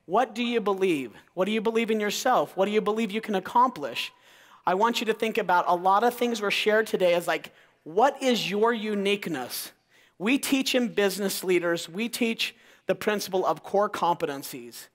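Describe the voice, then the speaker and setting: Enthusiastic male keynote speaker in his 40s, bright high voice, echoing in a large hall. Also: moderate pace. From Idaho. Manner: enthusiastic, crowd-engaging, calls out questions to the audience. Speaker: motivational speaker. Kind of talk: energetic keynote talk. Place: large auditorium. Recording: long hall reverb.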